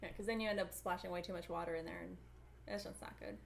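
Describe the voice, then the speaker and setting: A woman's voice: lowish voice, fairly even intonation, fast talker, creaky, a little hiss or hum. A woman co-hosting a podcast in casual chat, blunt and ranting, swearing freely. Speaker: podcast co-host.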